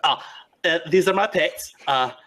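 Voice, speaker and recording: Guy putting on a jittery talkative forest hermit, pitch pushed up, bright tone, stammers a lot. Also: measured pace. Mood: cheerful. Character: eager chatty male woodland hermit.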